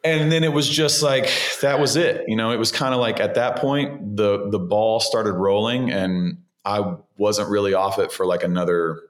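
A man in his forties from the United States, a guest actor telling animated, casual stories and swearing freely now and then. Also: fairly low pitch, normal speed, hardly any pauses. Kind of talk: casual storytelling.

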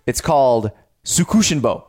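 A man's voice: medium pitch, normal speed. A man in his forties co-hosting a podcast, chatting casually and telling food stories with enthusiasm. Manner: enthusiastic storyteller, animated. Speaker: podcast co-host. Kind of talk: casual chat about food and travel.

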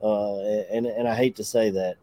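A man co-hosting a casual sports podcast, relaxed and hesitant, chuckling as he talks. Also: fairly low pitch, moderate pace, no echo. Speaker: podcast co-host.

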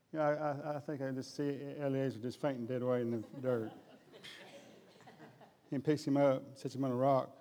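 A man's voice: mid-range voice, fairly even intonation, moderate pace, pauses often, mellow. Folksy guy preaching, cracking jokes, big echoey church hall. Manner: folksy, jokey, addresses crowd as guys. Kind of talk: humorous sermon.

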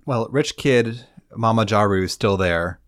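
A man co-hosting a podcast walks through the quest in a dry, understated way. His voice is somewhat low, and it is recorded close and dry. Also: measured pace, dry recording. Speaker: podcast co-host. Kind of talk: casual chat recapping a game questline.

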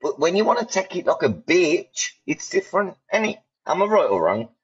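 A husky-voiced man talks bluntly in a heated podcast chat, swearing freely and hammering his points home by repeating them. The audio sounds dull and lo-fi. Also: sits high, sing-song, normal speed. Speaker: podcast host.

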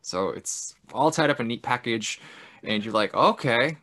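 A man in casual podcast chat, retelling a film's plot with frequent laughs and quick character impressions. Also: on the low side, animated, a bit bright. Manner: chatty, laughs often, mimics characters in big voices. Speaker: podcast co-host. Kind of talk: casual film recap chat.

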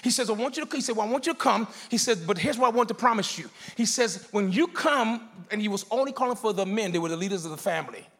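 A man preaching a sermon as pastor, leading his congregation in call-and-response and rising into shouts. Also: sits high, animated, fast, few pauses. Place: church sanctuary before a congregation.

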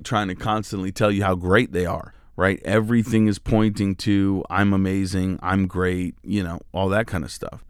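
A man's voice: sits low, clean tone, no room sound, studio quality. A male pastor giving a devotional sermon in a casual, conversational way, with lots of filler words.

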